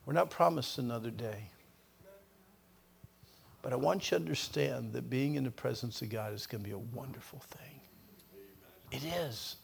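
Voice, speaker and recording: An older man preaching a sermon with a personal story, animated, his voice surging loud and dropping to near whispers. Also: mid-range voice, moderate pace, vocal fry, long pauses.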